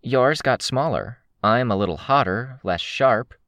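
A man voicing Crystal, a brisk, teasing young heroine in an audiobook, in a raised, light voice. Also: medium pitch, expressive, a bit bright, no echo, voice pushed up. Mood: breezy.

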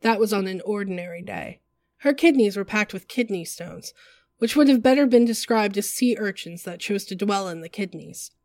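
A woman narrating a work of fiction in a measured, vivid storytelling manner. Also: medium pitch, animated, darkish tone, no room sound.

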